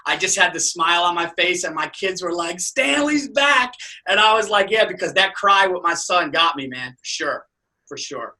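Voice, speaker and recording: A man with a high, very bright voice tells stories in casual podcast chat. He swears freely and gets worked up as he talks. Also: normal speed. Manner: profane, excitable storyteller.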